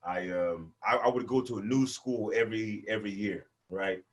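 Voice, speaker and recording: Born in Portland and raised in Memphis, this young American man performs a stand-up set at a normal pace. He tells stories and plays characters, breaking into loud, high-pitched outbursts and laughter.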